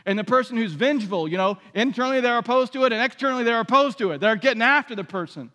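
A man's voice: very high voice, lively intonation, fast, pushed and bright, long reverb tail. A man preaching a sermon in a conversational way, acting out the voices he quotes. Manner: conversational, acts out quoted voices, many restarts.

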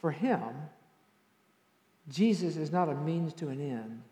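A man preaches a sermon with a slightly high-pitched voice, shifting from quiet reflection to loud emphasis as he tells stories. His voice rings through a large church sanctuary with a long, trailing reverb. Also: animated, takes it slowly. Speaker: pastor.

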